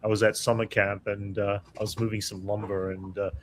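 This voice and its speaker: Man, low voice, laid-back, short remarks, faint hiss behind. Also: flat delivery, a little fast. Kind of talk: casual chat.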